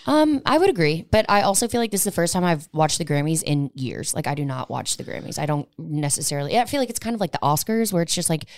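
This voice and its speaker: A young woman co-hosts a podcast, talking fast in a low voice. She is agreeable and chatty, and the sound is dry and close. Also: big pitch swings, no echo. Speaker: podcast co-host. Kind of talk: casual chat.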